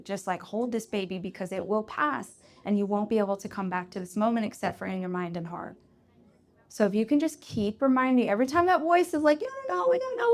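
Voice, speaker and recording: A woman host speaks to a live audience at a Q&A, giving advice in a relaxed, conversational way. She now and then acts out quoted voices. Her voice sits at a middle pitch. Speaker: podcast host answering audience questions. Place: live event before an audience.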